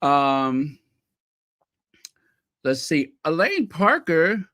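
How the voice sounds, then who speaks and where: A man's voice: on the high side, big pitch swings, very slow, bright, forceful tone, no room sound, clean studio sound. A man hosting a casual livestream, greeting viewers by name from the chat with playful, mock-posh asides. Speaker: channel host greeting live chat.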